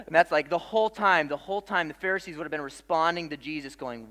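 A pastor preaching a sermon in a loose, conversational way, with casual fillers and dramatic pauses. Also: male voice, on the high side, pushed and bright, smooth, big-room sound.

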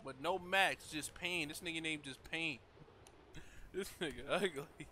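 A man's voice: fairly high pitch, slow pace. A man commenting on a horror game as he plays, jumpy and swearing, exclaiming at the scares. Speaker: gamer. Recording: loud background noise.

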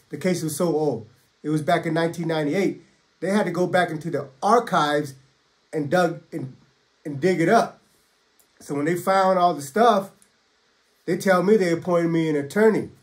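A middle-aged man telling his own prison story in a casual, blunt, streetwise way, quoting others as he goes and often clearing his throat. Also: on the high side. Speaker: storyteller recounting prison life. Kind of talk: casual first-person storytelling.

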